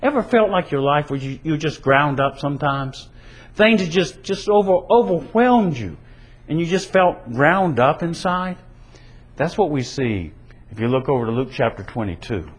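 Husky-voiced man preaching with lively emphasis. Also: fairly high pitch, normal speed, low-quality recording. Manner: earnest, emphatic preaching with rising and falling delivery. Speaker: pastor. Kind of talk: sermon.

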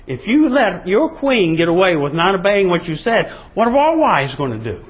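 A man's voice: sits high, big pitch swings, moderate pace, muffled recording, voice pushed up. A man retelling a Bible story and voicing indignant royal officials.

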